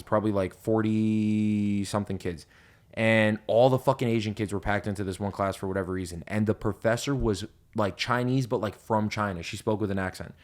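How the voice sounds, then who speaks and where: A young man hosting a podcast, telling stories in casual chat with lots of swearing and loud laughs at his own punchlines. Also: on the low side. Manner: profane, animated storyteller, laughs loudly at punchlines. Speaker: podcast host.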